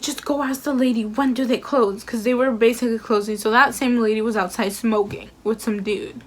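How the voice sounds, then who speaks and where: A woman's voice: fairly high pitch, steady tone, a little fast, few pauses. Chatty young woman telling a story. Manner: chatty, filler-heavy retelling with acted quotes. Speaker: vlogger. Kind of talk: casual storytime.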